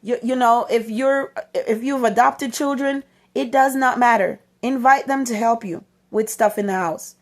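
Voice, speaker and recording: A woman's voice: a little high, lively intonation, normal speed, few pauses. A mother hosting her own channel, giving an emphatic inspirational talk to parents, repeating her key points and acting out the voices she quotes. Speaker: motivational channel host and mother.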